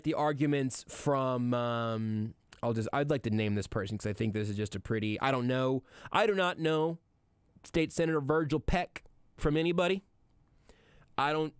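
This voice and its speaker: Chatty, smooth-voiced male sports radio host. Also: on the high side, no room sound, clean studio sound. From Kansas City area. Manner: chatty, joking, with frequent fillers and restarts. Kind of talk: casual radio monologue. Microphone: studio microphone.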